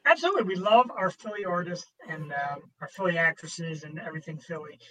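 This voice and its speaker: A man's voice: on the high side, a little fast, fairly bright tone, rough recording. A man hosting a casual video call interview, eager and upbeat as he welcomes his guest. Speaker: show host.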